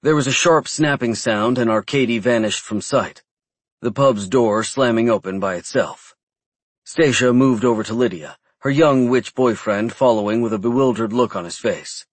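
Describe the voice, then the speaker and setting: Steady male audiobook narrator, husky voice, dry booth sound. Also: medium pitch, normal speed, no echo. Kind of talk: scripted narration.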